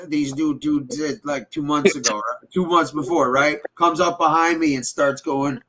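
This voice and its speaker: A man's voice: on the high side, fairly bright tone. A young man in casual podcast chat, telling a rambling, profane story and often checking in with "right?".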